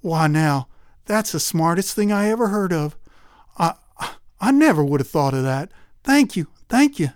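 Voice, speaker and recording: A man's voice: a little high, lively intonation, moderate pace, clean tone, no echo, studio quality, close to an everyday voice. A man voicing an eager, dim-witted country man in a folksy, earnest way. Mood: grateful.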